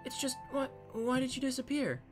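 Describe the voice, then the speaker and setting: A man's voice: extremely high pitch, a little fast, soft background music, voice pushed up. A man voicing an anxious teenage girl looking for her little sister, in a raised, earnest, pleading voice.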